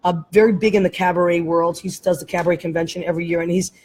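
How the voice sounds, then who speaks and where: A woman's voice: lowish voice, steady tone, racing, a little mellow, breathy edge, rough recording. A woman hosting a casual talk show, chatting in a rambling way and laughing often. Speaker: host. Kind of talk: casual chat. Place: airport, live streamed on camera.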